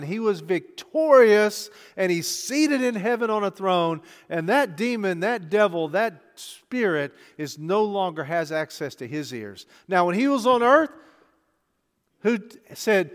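A man's voice: high-pitched, lively intonation, a little slow, long reverb tail. A man preaching a sermon as pastor, talking to the congregation in a conversational way with rhetorical questions and light jokes.

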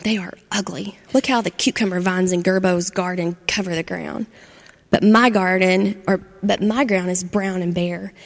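A sorrowful little male gardenia from a storybook, speaking softly and slowly, given voice by a woman reading aloud. The voice carries a gravelly texture. It rings out with a long reverb, as if read in a hall. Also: on the low side, fairly even intonation. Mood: sad. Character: male gardenia, gentle, turning sad and bitter.

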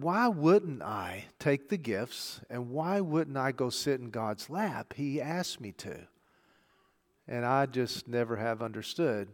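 A middle-aged man preaching a sermon, telling a story conversationally and moving between hushed and loud delivery. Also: mid-range voice. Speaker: pastor. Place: church sanctuary. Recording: long church hall reverb.

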